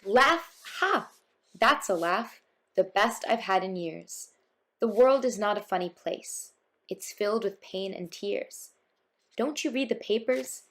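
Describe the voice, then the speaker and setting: A woman's voice: mid-range voice, measured pace, lightly acted. Woman doing a bitter gloomy businessman. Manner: scoffing and gloomy. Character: glum, bitter man with a briefcase.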